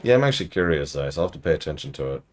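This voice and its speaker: A male streamer with a low, deep voice that swings widely in pitch. He talks casually over gameplay and jokes as he goes. Faint noise sits under the voice. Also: sing-song, rapid-fire, darkish tone. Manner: playful, joking asides.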